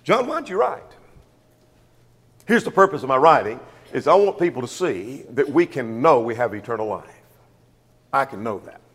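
A man's voice: mid-range voice, lively intonation, brisk, fairly bright tone, husky. A man preaching a sermon, emphatic, asking rhetorical questions and reading scripture aloud. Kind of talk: sermon, Bible study. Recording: long hall reverb.

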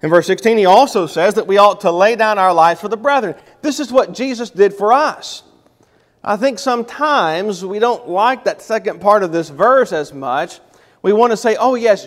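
A man's voice: high voice, in a large hall. A man reading a Bible passage and then explaining it as a lesson, often correcting himself mid-sentence. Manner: reads scripture then explains it, with restarts and self-corrections. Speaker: Bible teacher.

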